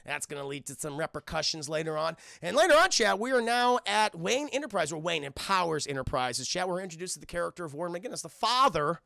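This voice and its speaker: A man's voice: high voice, creaky, pushed and bright, no room sound, studio quality. A young man casually recapping a cartoon for his stream chat, rambling and swearing. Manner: rambling, profane, addresses chat constantly.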